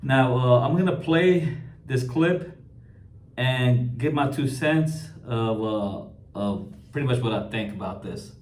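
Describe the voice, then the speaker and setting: A man giving casual commentary on a video, halting and restarting often with repeated words. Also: medium pitch, a little mellow, reverberant, slight background noise.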